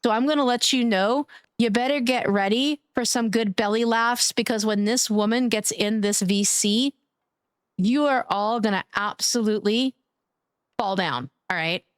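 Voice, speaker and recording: A woman streamer chatting casually with her viewers, gushing and affectionate as she thanks them by name, playful and quick to giggle. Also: a little high, smooth, dry recording, studio quality. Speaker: live streamer. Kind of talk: casual live-stream chat.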